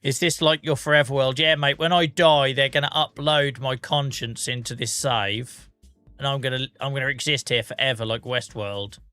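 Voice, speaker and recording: A man chats his way through a gaming livestream, answering viewers' messages with easy, self-mocking humour. His voice has a bright, forward tone. It sounds close-miked and dry, with faint music underneath. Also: mid-range voice, steady tone, normal speed, clean tone, no echo. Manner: chatty, self-mocking, reads out viewer comments. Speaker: livestream host. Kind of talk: casual chat with viewers while gaming.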